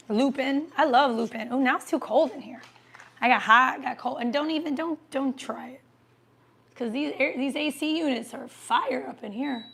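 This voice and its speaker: Woman, casual livestream host, chatty, talks while eating, slightly high voice, gravelly fry. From American Midwest. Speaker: host answering viewer comments.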